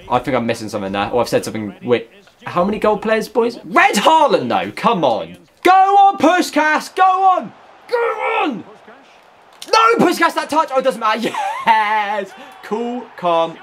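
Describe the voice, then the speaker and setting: A young man giving excitable, jokey live commentary over a football video game, often bursting into shouts. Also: on the high side. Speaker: gaming YouTuber.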